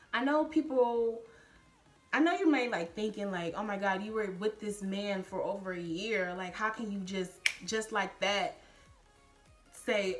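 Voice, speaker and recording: A young woman in her twenties, a vlogger casually telling a personal story to camera, animated and addressing viewers directly. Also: on the high side.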